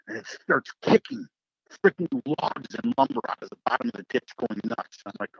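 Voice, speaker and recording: A middle-aged man from Wisconsin telling a hunting story in casual chat, animated and swearing, acting out what people said. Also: medium pitch, fairly quick, vocal fry, breathy edge, no room sound. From Wisconsin, United States. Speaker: podcast host. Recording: slightly muffled, dry.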